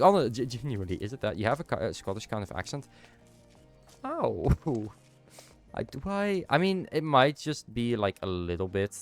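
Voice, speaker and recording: A young Dutch man streaming a game, chatting casually with his viewers; his nose is stuffed up from a cold. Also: medium pitch. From Netherlands. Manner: chatty, answers chat while playing. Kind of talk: casual chat while gaming.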